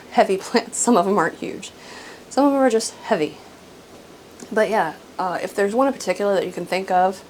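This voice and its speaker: A woman hosting a casual houseplant show-and-tell at home, rambling with frequent "um"s and soft laughs, sometimes drifting away from the camera. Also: medium pitch, creaky, slight background noise, low-quality recording. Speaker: houseplant channel host. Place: at home among houseplants, indoors. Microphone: camera she sometimes walks away from.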